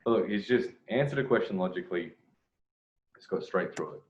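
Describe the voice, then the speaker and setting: A man giving a dating coach's commentary on a video clip, pausing it to explain and often laughing. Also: low-pitched, lively intonation. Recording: roomy, dull sound.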